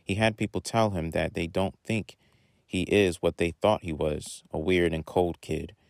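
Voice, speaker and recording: A man reading a short story aloud in a plain, unhurried way. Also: low voice, steady tone, creaky, no room sound.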